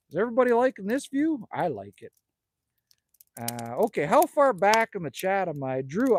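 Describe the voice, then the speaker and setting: Sitting by a nighttime fire outside a cabin, this middle-aged Manitoban livestreamer rambles jokily through viewer comments, addressing folks as "man" and "buddy." His voice is high-pitched and the recording is dry.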